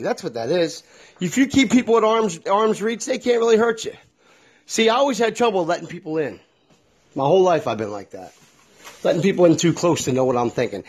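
A middle-aged man talks straight into his own podcast, blunt and profane. His voice sits a little high and swings widely in pitch. The tone is husky and rough. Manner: blunt and profane, with a lot of feeling. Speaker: podcast host. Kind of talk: candid solo podcast monologue.

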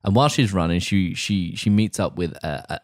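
A man's voice: low voice, brisk, no room sound, clean studio sound. A man co-hosting a podcast, crudely and wryly recapping scenes in casual comedic chat. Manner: crude, wry, retelling scenes with quoted voices. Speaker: podcast co-host.

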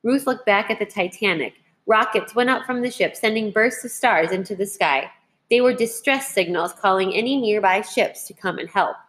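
A woman teacher reading a children's history book aloud in a clear, measured way. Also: medium pitch, a bit bright.

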